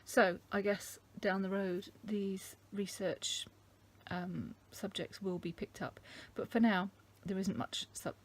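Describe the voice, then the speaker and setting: A middle-aged woman from England talking casually to camera, thoughtful and halting, with many ums. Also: medium pitch, husky. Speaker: vlogger. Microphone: camera mic.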